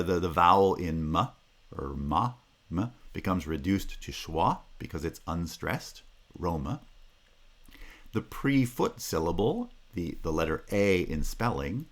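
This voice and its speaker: Very deep-voiced male linguistics lecturer. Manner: explanatory, frequent "right?" checks and restarts. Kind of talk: recorded phonology lecture.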